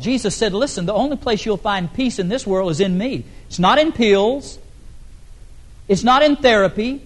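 A middle-aged man preaching a sermon as pastor, swinging between emphatic loud rises and soft, drawn-out drops. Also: high-pitched.

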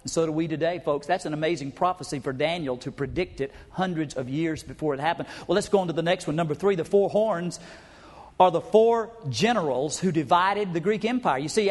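A man preaching a folksy, emphatic sermon to his congregation, sometimes acting out crowd chants. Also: high voice. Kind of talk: sermon teaching. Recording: hall reverb.

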